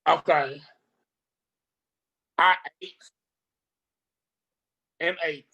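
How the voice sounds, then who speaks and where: A speaker on a video call, telling a rambling, animated story in casual chat, with slang and swearing. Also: medium pitch, extremely slow, creaky, lo-fi sound.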